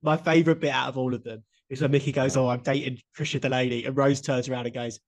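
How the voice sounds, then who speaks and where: A young man co-hosting a casual podcast chat, enthusiastic and quick to laugh, often checking "do you know what I mean". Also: mid-range voice, steady tone. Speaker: podcast co-host.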